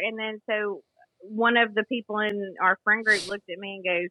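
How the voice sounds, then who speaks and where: A woman with a Southern US accent, co-hosting a podcast and telling lively anecdotes in casual chat. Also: mid-range voice, moderate pace, dry recording, phone-quality sound. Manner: animated anecdote teller. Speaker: podcast co-host. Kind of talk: casual storytelling.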